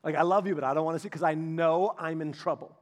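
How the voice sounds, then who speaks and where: A man's voice: a little high, fairly even intonation, quick pace, close to an everyday voice. A man voicing a guilty pet dog who hesitates and stammers, in a sermon story. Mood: sheepish. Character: guilty pet dog, male, sheepish and avoidant.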